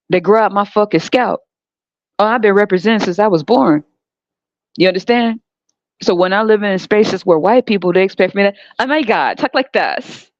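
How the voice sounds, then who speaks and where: A woman's voice: mid-range voice, no echo. A woman from the United States hosting a podcast, delivering a profane, emphatic unscripted rant full of rhetorical questions. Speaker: podcast host. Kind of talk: unscripted monologue. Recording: dull, dry lo-fi recording.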